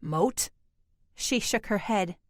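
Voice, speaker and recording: A woman reads an audiobook at an unhurried, deliberate pace, her storytelling measured and even. The sound is dry and close, with no room around her voice. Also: a little high, no echo. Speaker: audiobook narrator. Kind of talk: scripted audiobook narration.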